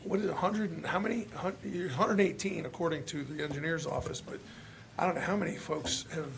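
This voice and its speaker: Frustrated commissioner with a gravelly voice. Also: male voice, a little high, fairly bright tone, a little hiss or hum. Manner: frustrated, halting, many restarts. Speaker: county commissioner. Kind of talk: public hearing remarks. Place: hearing room.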